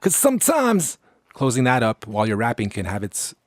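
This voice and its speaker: A man's voice: medium pitch, wildly swooping pitch, brisk, dry recording, clean studio sound. A man co-hosting a singing lesson, asking questions and setting exercises for listeners. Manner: asks questions and gives exercises. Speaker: co-host of a vocal course. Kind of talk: instructional chat.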